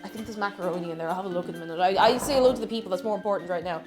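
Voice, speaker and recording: A woman's voice: mid-range voice, racing, over music. A woman streaming live, chatting casually and reading out viewer messages in a bubbly, sing-song way.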